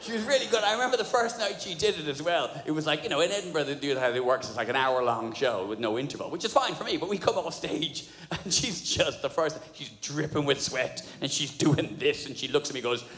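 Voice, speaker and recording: A middle-aged man performing a fast, animated stand-up comedy routine, slipping into put-on voices. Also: a little high. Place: large venue with audience. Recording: echoey hall with audience ambience.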